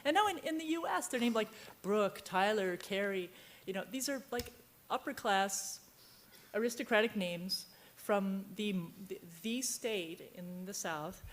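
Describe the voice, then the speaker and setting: A woman's voice: medium pitch, expressive, measured pace, slight background noise. A woman novelist from Virginia on a book fair panel, telling a long, digressive anecdote and trailing off mid-sentence. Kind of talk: panel discussion, rambling anecdote.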